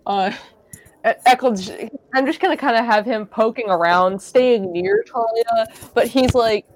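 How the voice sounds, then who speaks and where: A woman's voice: on the high side, a little slow, low-quality recording. A woman playing a tabletop game, dry and joking as she narrates her character. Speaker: player. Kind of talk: casual tabletop play.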